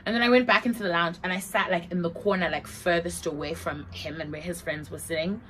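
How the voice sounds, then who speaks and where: A young woman from Zimbabwe tells a story straight to her vlog audience. She speaks in a casual, animated way, acting out the lines of the people in her story. Her telling is peppered with swearing. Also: lowish voice, fast talker, slight background noise, low-quality recording. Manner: animated, dramatic retelling with acted-out quotes and frequent swearing.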